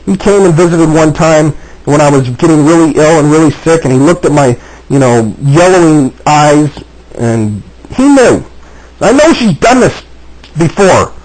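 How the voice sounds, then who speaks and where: A man's voice: a little high, lively intonation, a little slow, darkish tone, low-quality recording. A man talking agitatedly to camera, repeating himself and restarting often. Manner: agitated, repetitive, frequent restarts. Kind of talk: agitated personal video monologue.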